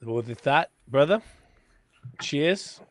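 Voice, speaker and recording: A man's voice: a little high, expressive, slow pace. Swearing Australian man hosting a podcast. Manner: hyped slang, swears a lot. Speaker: podcast host. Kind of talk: casual beer-tasting chat.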